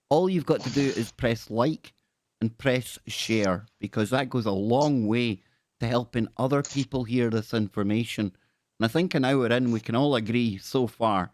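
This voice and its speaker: A man hosting a casual live stream, chatty and quick with thanks, often repeating himself. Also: medium pitch, no echo, studio quality. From Scotland. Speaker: host.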